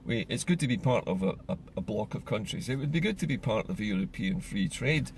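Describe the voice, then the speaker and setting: Gravelly-voiced man, earnest political talk. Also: fairly low pitch, expressive, slight background noise. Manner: earnest, measured, explaining. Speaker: political commentator. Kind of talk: solo opinion monologue.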